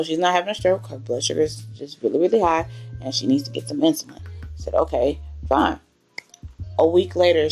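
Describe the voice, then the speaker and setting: A twenty-something vlogger tells a personal story on her faith channel, speaking candidly and with emotion. She has a low, gravelly voice touched by vocal fry, with faint, gentle music underneath.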